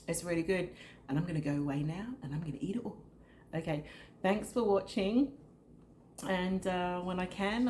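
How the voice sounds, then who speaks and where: Chatty middle-aged woman with a mellow voice. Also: deep voice, a little hiss or hum. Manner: chatty, talks straight to the viewer. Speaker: cooking vlogger. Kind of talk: casual cooking demonstration. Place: home kitchen.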